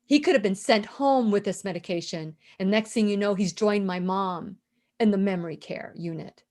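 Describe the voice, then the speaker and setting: A woman's voice: medium pitch, moderate pace, darkish tone. A middle-aged woman hosting a radio interview, telling a personal story in an impassioned, emphatic way and often repeating her words. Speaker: radio show host.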